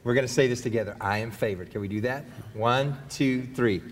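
A man's voice: medium pitch, a little fast, in a large hall. A man preaching a sermon in a conversational, rambling way with many restarts. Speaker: pastor.

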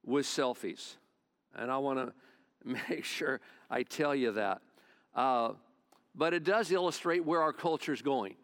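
A man's voice: fairly high pitch, a bit bright. A male pastor preaching a sermon, retelling a Bible story in a folksy, conversational way.

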